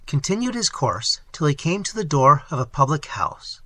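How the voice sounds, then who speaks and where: Male audiobook narrator, bright, husky, dry close read, very animated pitch. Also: no room sound. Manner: expressive, measured storytelling. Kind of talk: audiobook narration of a classic novel.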